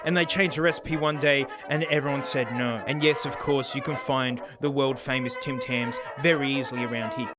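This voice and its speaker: A man from South Australia with an Australian accent, hosting a comedic video monologue in an excitable, slangy way and constantly saying "mate". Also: mid-range voice, moderate pace, hardly any pauses. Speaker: tech reviewer and host. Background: background music.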